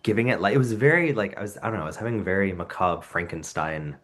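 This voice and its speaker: A man with a very low voice speaks as a guest on a relaxed podcast. He talks thoughtfully, telling stories and acting out short exchanges as he goes. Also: fast. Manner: thoughtful storyteller, acts out anecdotes. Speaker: professional puppeteer, podcast guest. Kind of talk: casual interview chat.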